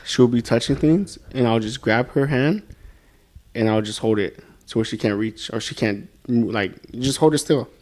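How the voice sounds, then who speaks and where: A man's voice: mid-range voice, moderate pace, a little mellow. Laid-back young man in casual chat. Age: young adult. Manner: laid-back, slangy, plain-spoken. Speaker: podcast co-host.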